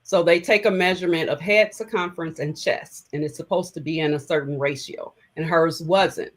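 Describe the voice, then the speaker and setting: A woman's voice: deep voice, steady tone, normal speed, low-quality recording. Woman recounting a personal story. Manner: emotional, conversational, many fillers. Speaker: interview guest.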